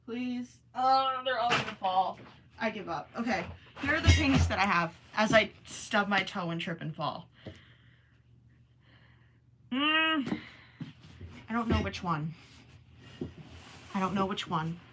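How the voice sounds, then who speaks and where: A woman's voice: medium pitch, moderate pace, noisy background. A woman with a Minnesotan accent hosting a casual livestream from home, chatting with viewers, reading their comments and often apologizing with a self-deprecating tone. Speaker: livestream host. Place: home, indoors.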